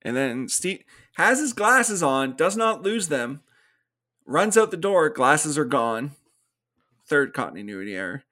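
A man's voice: fairly high pitch, sing-song, unhurried, sharp tone. A man co-hosting a podcast, recapping a movie's plot in casual chat, acting out the characters' lines and laughing often. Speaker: podcast co-host. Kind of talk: casual film review chat.

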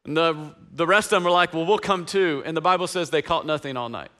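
Male pastor, sermon, casual slangy delivery, high voice. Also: fast talker, pushed and bright. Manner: casual slangy preaching, conversational asides to congregation.

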